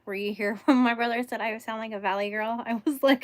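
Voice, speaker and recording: A woman's voice: fairly high pitch, steady tone, a little fast, hardly any pauses, dry recording. A young woman from California with a Californian accent, hosting a casual crochet livestream, chatting bubbly with viewers and laughing often. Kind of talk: casual live-stream chat with viewers.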